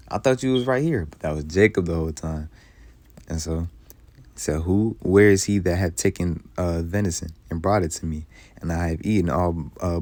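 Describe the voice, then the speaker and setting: A man teaching from the Bible, reading old scripture slowly and then explaining it in loose, casual, emphatic speech. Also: sits low, darkish tone, no room sound. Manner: heated, emphatic commentary.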